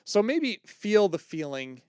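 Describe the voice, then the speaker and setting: A man co-hosting a podcast, talking in a thoughtful, measured way with frequent restarts. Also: high voice, very animated, darkish tone, clean tone, dry recording, studio quality. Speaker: podcast co-host. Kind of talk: casual podcast chat.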